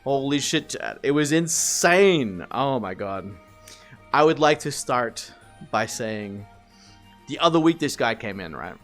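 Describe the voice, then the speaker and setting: A man streaming live, rambling through animated work stories to his chat, swearing and laughing as he goes. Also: medium pitch, measured pace, soft background music.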